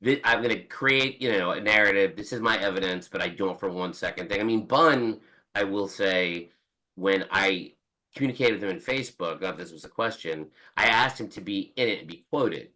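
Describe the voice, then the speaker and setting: A man's voice: low-pitched, moderate pace, pushed and bright, low-quality recording. A man in his forties, a book's author, chatting as a guest on a podcast in a rambling way with many restarts and quoted asides. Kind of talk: casual podcast interview.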